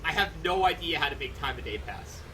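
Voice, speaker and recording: A man giving casual, joking let's-play commentary, sarcastic and lively. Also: on the high side, a little fast, heavy background noise. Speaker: streamer playing a game. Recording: mic sounds distant, game music behind.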